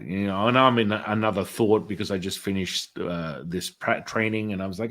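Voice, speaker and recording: A man's voice: sits low, fairly quick, few pauses, a bit bright. A middle-aged man, a spiritual healer, telling a story in a casual interview and acting out the voices of people in it.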